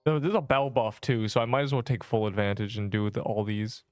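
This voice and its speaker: Streaming a game, a young man chats casually, jokes with viewers and bursts into mock-dramatic outbursts. His voice is lowish and steady in tone, fairly quick, with no echo.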